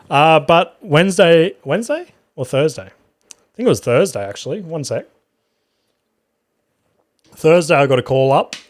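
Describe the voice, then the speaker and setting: Australian man, young adult, podcast host, casual storytelling, frequent swearing, mid-pitched voice, dry close mic. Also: no echo. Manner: swears freely, animated retelling with acted-out quotes. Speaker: podcast host and stand-up comedian.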